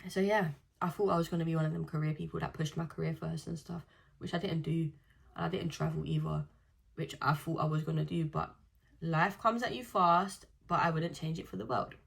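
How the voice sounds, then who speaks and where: A woman's voice: deep voice, flat delivery, fast talker, vocal fry, breathy edge. A woman, chatting casually as a vlogger and telling stories with slang. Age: 20s. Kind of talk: casual chat.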